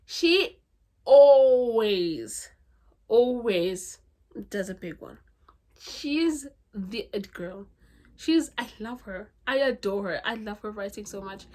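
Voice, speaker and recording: A woman's voice: mid-range voice, normal speed. Gushing woman reviewing books. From South Africa. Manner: gushing, chatty, lots of "like" and "legit". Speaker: book vlogger. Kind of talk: casual book review vlog.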